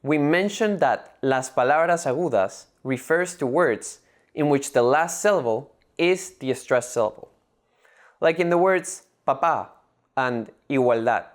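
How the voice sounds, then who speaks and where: A language teacher giving a scripted lesson narration, measured and methodical, breaking words into syllables. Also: mid-range voice, lively intonation.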